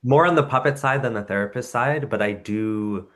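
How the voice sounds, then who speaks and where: A man's voice: mid-range voice, normal speed, fairly bright tone. A man who works as a professional puppeteer, a guest on a casual podcast, talking thoughtfully and acting out his anecdotes. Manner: thoughtful storyteller, acts out anecdotes. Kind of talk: casual interview chat.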